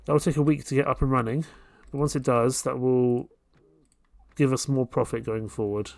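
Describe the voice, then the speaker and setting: A man's voice: mid-range voice, moderate pace, creaky, no echo. A man hosting a let's play, giving casual commentary as he plays and thinking aloud about his next moves. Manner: relaxed, thinking aloud while playing. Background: faint game music.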